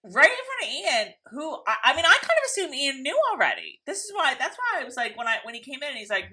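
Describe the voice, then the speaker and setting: A woman chats her way through a TV episode recap in a bright, ringing voice. Her pitch rises and falls a lot as she rambles and mimics the characters. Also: huge pitch swings, quick pace, few pauses. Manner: chatty, rambling, acts out characters' lines. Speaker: podcast co-host. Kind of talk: casual TV recap chat.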